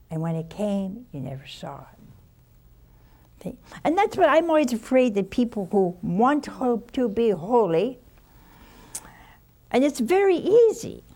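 An older woman, a nun, giving an informal spiritual talk full of personal stories, folksy and unhurried with sighs and soft asides. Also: mid-range voice, gravelly, husky.

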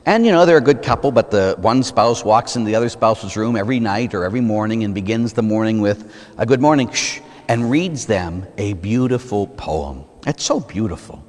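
Priest in the pulpit, middle-aged man, animated delivery, rhetorical questions, voice rings in a long church reverb. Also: on the low side, a little fast. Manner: conversational preaching with rhetorical questions and acted-out examples. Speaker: Catholic priest. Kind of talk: sermon.

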